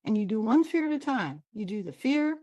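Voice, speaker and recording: A woman's voice: fairly high pitch, sing-song, brisk, a little mellow, dry recording, muffled recording. A woman from Washington State with a Pacific Northwest American accent, hosting a casual, digressive and upbeat teaching talk over a computer mic. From Washington State, USA. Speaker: host and trainer.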